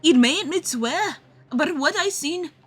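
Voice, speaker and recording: A woman reads game dialogue at an unhurried pace with lively intonation, playing a scrappy, defensive street girl in a put-on Cockney accent. The character sounds high, pushy and clipped in her slang, in a confessing mood.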